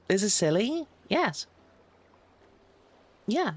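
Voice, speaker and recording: A bubbly young woman with a British accent chats and giggles through a live game stream, her voice bouncing all over the place. Her pitch sits a little high, and she slips easily into reading the characters' lines aloud. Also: expressive, measured pace, pauses often, dry recording.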